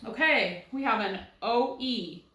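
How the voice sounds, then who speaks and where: The poor, reverberant audio carries a woman's high-leaning voice, slow-paced and pushed and bright. Teaching recorded first grade phonics, she patiently sounds out words one syllable at a time and guides the young class with rhetorical questions.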